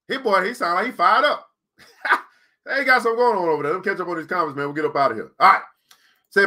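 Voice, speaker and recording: A man's voice: sits high, expressive, quick pace, bright, forceful tone. A man hosting a live online class, talking casually and preachily, reading out viewer comments. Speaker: host of a live crypto trading class stream. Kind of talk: casual live-stream talk.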